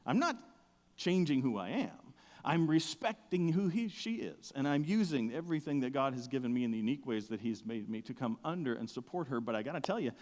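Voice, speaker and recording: Loud, humorous middle-aged man preaching. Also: mid-range voice, fairly quick, long reverb tail. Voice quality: big, loud outdoor voice. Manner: storytelling, humorous, swings from soft to loud excited bursts. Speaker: pastor. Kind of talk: sermon. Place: church sanctuary.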